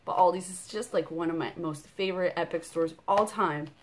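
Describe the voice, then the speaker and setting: A woman in her thirties with a slightly low voice talks through an unboxing in a loose, bubbly way. She piles on "like" and "um" as she goes, sounding chatty and unscripted. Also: a little fast, slight background noise. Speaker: vlogger. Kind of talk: casual unboxing chat.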